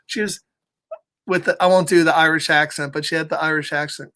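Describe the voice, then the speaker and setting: A man's voice: on the high side, fairly even intonation, fairly quick, bright, forceful tone. A man reading a picture book aloud to children, playful and chatty, chuckling often and greeting listeners by name. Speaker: children's storytime reader.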